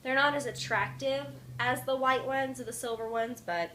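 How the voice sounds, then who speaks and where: Bubbly young woman, slightly high voice. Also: steady tone, normal speed, fairly bright tone. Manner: bubbly, emphatic, says "like" a lot. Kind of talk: casual home vlog. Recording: faint background noise.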